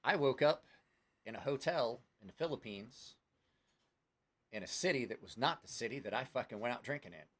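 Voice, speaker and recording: A man's voice: mid-range voice, expressive, moderate pace, pauses often, fairly bright tone. A man hosting a casual live stream and telling rowdy, profane stories, acting out everyone's lines. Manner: rowdy storyteller, swearing, acting out quotes. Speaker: host.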